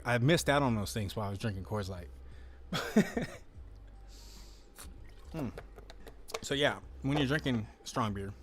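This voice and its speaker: A man's voice: fairly low pitch, a bit bright, slight background noise. A man hosting a casual livestream, rambling in a laid-back way, swearing now and then, talking into a close desk mic at home. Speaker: livestream host. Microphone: desk mic, close then moved closer.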